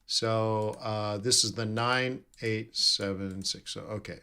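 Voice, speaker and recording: Slow, low-voiced man musing over trading charts. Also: fairly even intonation, sharp tone, clear, resonant tone. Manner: thinking aloud, self-correcting, reading numbers off charts. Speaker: forex trading streamer. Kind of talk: live trading commentary.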